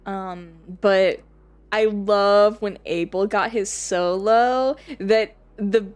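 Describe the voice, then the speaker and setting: Woman streamer, casual live chat, rambly and giggly, cusses freely, mid-pitched voice. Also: fairly even intonation, very slow, a little mellow, clean tone.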